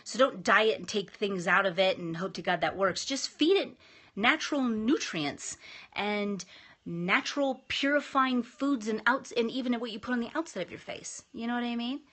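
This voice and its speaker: A woman in her thirties talks straight to her viewers in an upbeat, emphatic way. Her voice sits slightly high, and she chats freely, restarting her sentences as she goes. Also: normal speed, a bit bright. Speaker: vlogger. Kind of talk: casual motivational talk to camera.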